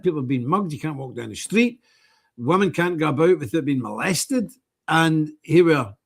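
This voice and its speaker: Older guy ranting on his stream, husky, pitch kinda high and all over. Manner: indignant, rants in bursts. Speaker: streamer host. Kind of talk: casual livestream commentary.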